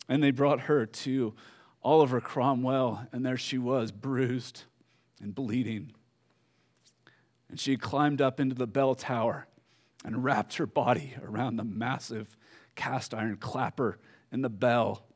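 A man preaching a sermon, telling a story slowly with fillers and pauses, dropping soft at solemn moments. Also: medium pitch, fairly even intonation. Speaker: pastor.

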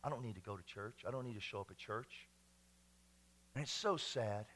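A man preaching a sermon to his church, swinging from hushed, whispered lines to loud, shouted passages. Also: lowish voice, normal speed. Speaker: pastor. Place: church sanctuary.

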